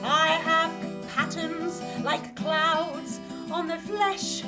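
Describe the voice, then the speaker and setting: A woman's voice: very high voice, fairly even intonation, over loud music, heavily acted. A woman singing as Daisy the shy cow. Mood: sweet. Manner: sing-song, drawn-out. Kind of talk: sung character number in children's theatre.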